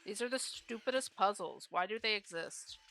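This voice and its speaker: A woman's voice: mid-range voice, moderate pace, a bit bright, faint music behind. A woman streamer giving casual live commentary on a game, grumbling aloud and swearing freely.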